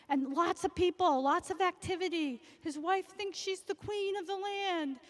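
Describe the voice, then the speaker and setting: A woman reading a storybook aloud to young children in a slow, expressive, sing-song manner. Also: high voice. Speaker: guest story reader. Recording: echoey school hall.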